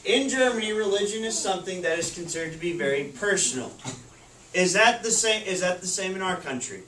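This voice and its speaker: A man's voice: sits high, animated, brisk, bright, forceful tone. A man teaches a class, quizzing the students and repeating back what they answer. He is picked up from across the classroom, so the sound is roomy and a little distant, with faint noise behind it. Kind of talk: classroom lesson. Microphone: far camera. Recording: echoey classroom from far off.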